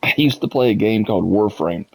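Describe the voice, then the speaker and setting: A man's voice: fairly low pitch, a little fast, creaky, poor audio. A man talking casually to his viewers as a gaming YouTuber, chatty and amused, often laughing.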